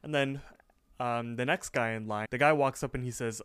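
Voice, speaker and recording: Smooth, dry-sounding young man. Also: medium pitch, fairly even intonation, fairly quick, a bit bright, dry recording. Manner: easygoing, chuckles often. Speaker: podcast co-host. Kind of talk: casual chat recapping a cartoon episode. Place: apartment.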